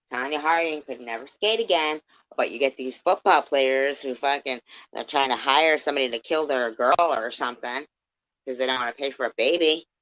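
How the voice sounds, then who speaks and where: A woman with a deep bass voice hosts her channel, reading a book aloud and drifting into rambling, profane asides. The recording is dry, dull and lo-fi.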